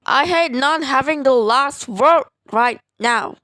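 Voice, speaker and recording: A woman's voice: high-pitched, slow, fairly bright tone, dry recording, studio quality. A woman voicing a grumpy, spiteful little male shrimp creature in a fan voice-over dub, snapping that she hates everything. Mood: grumbling.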